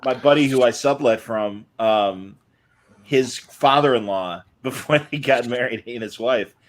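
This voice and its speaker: Chuckling man telling an anecdote. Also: medium pitch. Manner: chuckling, quick reactions. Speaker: comic shop podcast co-host. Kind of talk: casual storytelling chat.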